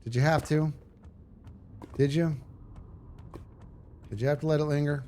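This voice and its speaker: A man's voice: a little high, fairly even intonation, a little slow, mellow, a little hiss or hum. A man streaming a game live, chatting in a rambling, self-mocking way as he thinks aloud. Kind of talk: live gaming stream chat.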